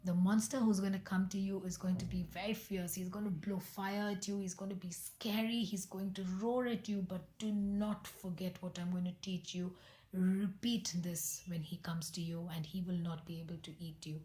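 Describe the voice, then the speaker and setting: A woman's voice: medium pitch, fairly even intonation, moderate pace, warm tone, roomy sound, close to an everyday voice. A woman voicing a wise, secretive magic fish who gives urgent whispered warnings.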